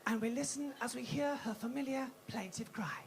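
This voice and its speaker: A woman voicing a posh older male wildlife documentary narrator in a hushed, breathy whisper. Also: fairly high pitch, normal speed, very noisy. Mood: hushed reverent.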